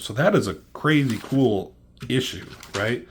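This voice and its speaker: A man casually recapping a comic book issue, swearing often and getting excited, with lots of fillers. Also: medium pitch, unhurried, a little hiss or hum. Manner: profane, excitable, filler-heavy retelling.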